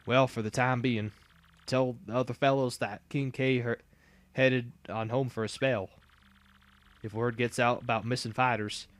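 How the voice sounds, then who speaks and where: A man's voice: medium pitch, natural voice. Man doing a drawling country fight promoter. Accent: put-on American Southern drawl. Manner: slow, drawn-out country talk. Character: folksy drawling male fight-club promoter. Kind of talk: reading game dialogue aloud.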